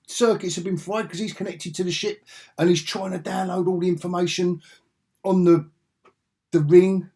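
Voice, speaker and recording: A man's voice: high-pitched, fairly even intonation, normal speed, vocal fry, warm tone. A man giving a rambling, sarcastic spoken review, chuckling often as he retells scenes.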